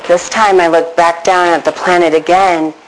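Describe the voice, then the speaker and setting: A woman telling her own story to an audience, earnest and emotional, acting out her past thoughts with big rises in pitch. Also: steady tone, normal speed, slight background noise, low-quality recording. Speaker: storyteller recounting a near-death experience. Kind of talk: personal testimony to an audience.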